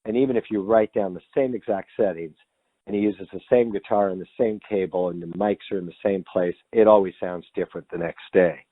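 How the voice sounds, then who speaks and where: A man, a composer being interviewed, telling stories in a candid, animated way and swearing freely. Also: low voice, brisk, no echo. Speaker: composer guest. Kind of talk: casual interview storytelling. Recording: tinny dry phone-like line.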